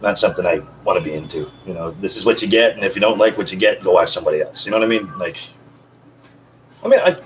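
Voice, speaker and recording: Casual male vlogger at home, lowish voice, rambly and self-mocking, talks straight to viewers in one take. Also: quick pace, background noise. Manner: rambling, joking, self-deprecating asides to viewers. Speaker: channel host. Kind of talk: casual unedited one-take vlog chat.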